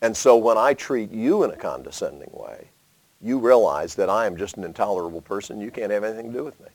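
A man preaching a sermon, asking rhetorical questions and swinging between loud emphasis and hushed asides. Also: lowish voice, expressive, fast talker, no echo.

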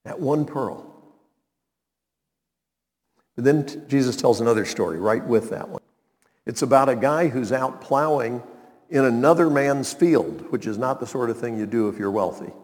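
A man's voice: mid-range voice, moderate pace, pauses often, a little mellow, big-room sound. A male pastor preaching a sermon in an emphatic way, repeating his key phrases.

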